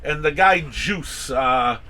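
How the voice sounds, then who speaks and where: A man's voice: medium pitch, expressive, slow pace, pushed and bright. A man hosting a casual podcast chat, rambling through stories with many restarts and acting out quotes. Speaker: comic shop owner and podcast host.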